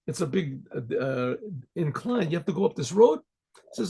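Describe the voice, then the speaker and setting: Gravelly rabbi telling a folk story. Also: male voice, fairly high pitch, sing-song, moderate pace, mellow. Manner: rambling, frequent throat clearing and restarts. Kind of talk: oral storytelling.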